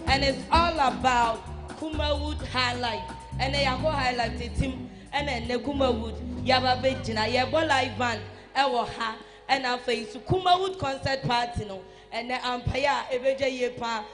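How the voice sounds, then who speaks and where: A master of ceremonies loudly hyping a live show and calling guests up. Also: sits high, unhurried, over music. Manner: loud, hyping the crowd. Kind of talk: hyped live show emceeing. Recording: voice from far off the mic.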